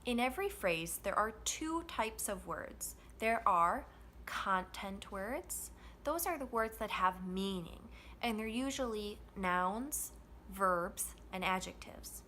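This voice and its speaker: A woman teaching an English pronunciation lesson, modeling stress and rhythm with slow, deliberate phrasing. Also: mid-range voice, lively intonation, sharp tone, a little hiss or hum.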